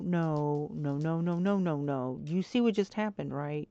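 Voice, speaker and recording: A woman streaming a game and chatting to viewers, swinging between frustrated muttering and excited squeals. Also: low voice, a little slow, few pauses. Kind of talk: casual gameplay chat. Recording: dull lo-fi stream audio.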